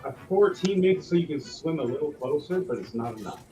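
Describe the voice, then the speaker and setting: A man's voice: a little high, expressive, a little fast, warm tone, recorded from a distance, faint music behind, rough recording. A man running a tabletop game as game master, narrating theatrically.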